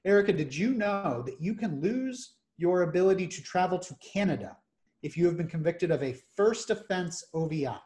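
Guy with a slightly high voice walking thru legal points one by one, steady podcast host. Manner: measured, lists points methodically. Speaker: criminal defense attorney host. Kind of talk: explanatory podcast talk.

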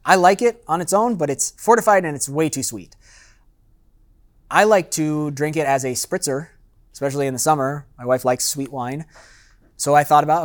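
A man's voice: on the high side, brisk. Chatty man leading a wine seminar. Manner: conversational, acts out customers' lines; loose and chatty with fillers and asides. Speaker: master sommelier giving a seminar. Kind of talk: seminar talk to a live audience.

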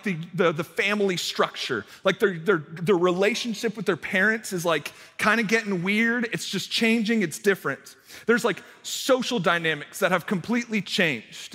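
A man's voice: high-pitched, pushed and bright. Chatty young man preaching in a reverberant hall. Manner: chatty, self-deprecating, many fillers and restarts. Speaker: youth pastor. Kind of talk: casual sermon with storytelling. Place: church hall.

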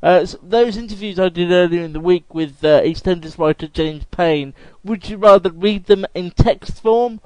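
A man hosting a casual podcast chat, his smooth voice sitting a little high. He speaks in an engaged way and briskly pitches the show's website. The sound is dry and close. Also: darkish tone, no room sound, low-quality recording. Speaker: podcast host and writer.

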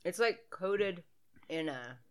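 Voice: medium pitch, animated, slow pace, fairly bright tone. Joking podcast co-host watching a movie. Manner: joking, sarcastic, laughs often. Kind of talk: casual movie-watching chat.

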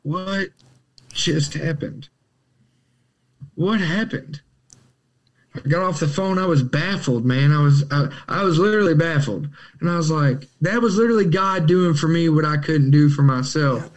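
Animated man telling his story. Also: on the high side, fairly quick, hardly any pauses. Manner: animated storyteller, acts out quotes, laughs often. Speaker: podcast guest in recovery. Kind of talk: storytelling in casual conversation.

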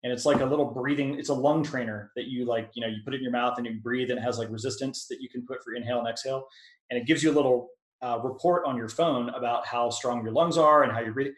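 A man instructor talks through questions on a video call, loose and conversational, full of ums and restarts. His voice sits at an ordinary middle pitch. The sound has a roomy echo around it. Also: fairly even intonation, quick pace. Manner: conversational, lots of filler words and restarts. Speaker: product management instructor. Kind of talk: webinar Q&A answer.

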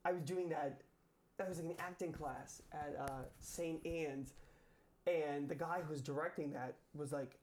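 A young man, a guest on a chat show, telling a story in a chatty way with lots of "like" and quick restarts. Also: a little high, steady tone. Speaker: former cast member, guest.

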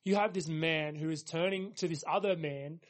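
High-voiced man preaching earnestly. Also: moderate pace. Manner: earnest, emphatic preaching with repeated phrases. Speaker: pastor. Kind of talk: sermon.

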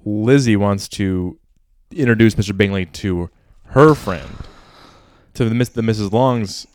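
A man co-hosting a casual book discussion, relaxed and agreeable, explaining how the narration works. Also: on the low side, measured pace.

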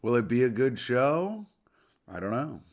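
A man's voice: medium pitch, very animated, measured pace, darkish tone. Young guy rambling crude jokes on a chill podcast, normal mid voice. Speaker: podcast host. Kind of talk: casual comedic chat.

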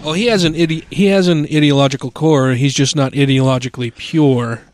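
A man co-hosting a podcast, bantering sarcastically with profane, quick interjections. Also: fairly high pitch, steady tone, darkish tone, dry recording. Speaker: podcast co-host.

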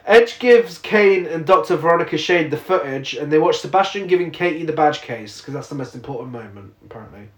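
A man's voice: on the high side, animated, a little fast, hardly any pauses. A man co-hosting a podcast, recapping a film in casual chat, laughing and swearing in disbelief. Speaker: podcast co-host. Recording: echoey room.

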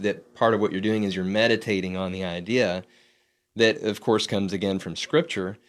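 A man with a lowish voice talks through spiritual ideas in a relaxed, searching way. He often restarts his phrases as he works out what he means. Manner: thoughtful, searching, with frequent restarts. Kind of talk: casual spiritual discussion.

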